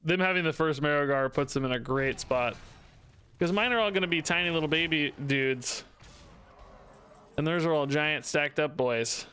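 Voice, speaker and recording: A man's voice: fairly high pitch, normal speed, pushed and bright, clear, resonant tone. A young man streaming a card game, chatting to his viewers in a loose, self-mocking way and laughing often. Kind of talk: casual gameplay commentary.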